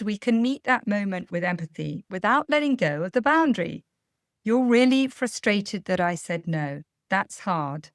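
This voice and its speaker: Calm woman giving parenting advice. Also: mid-range voice, dry recording, clean studio sound. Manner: calm, measured, explanatory. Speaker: parenting coach. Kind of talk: podcast advice talk.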